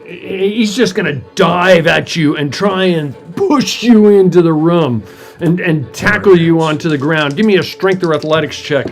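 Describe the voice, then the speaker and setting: A man serving as game master, narrating combat and voicing sound effects like "boom" and "whoosh". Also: unhurried, faint music behind.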